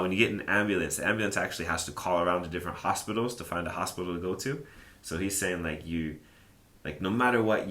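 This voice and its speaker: A man with a low, deep voice walks through a language lesson in an easygoing, chatty way, pausing often with "uh" and "like." The sound is roomy and echoey. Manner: relaxed, chatty, thinks aloud with many fillers. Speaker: language teacher. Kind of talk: casual explanatory lesson.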